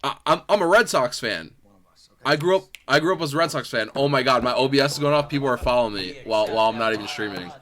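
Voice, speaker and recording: A man from New York with a slight New York accent, co-hosting a casual podcast chat. He talks quickly, jokes and laughs often. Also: medium pitch, lively intonation, sharp tone. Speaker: podcast co-host.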